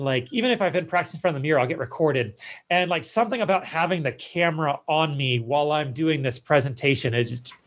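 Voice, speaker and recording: High-voiced chatty man hosting a podcast. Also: fairly bright tone. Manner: chatty, self-deprecating, joking asides. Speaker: podcast host and speaking coach. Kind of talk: casual advice monologue.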